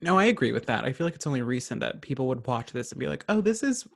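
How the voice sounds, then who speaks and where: Young man chatting, sarcastic and quick. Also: medium pitch, sing-song, gravelly. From Virginia, USA. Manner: sarcastic, quick comic asides. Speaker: podcast co-host. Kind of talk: casual chat.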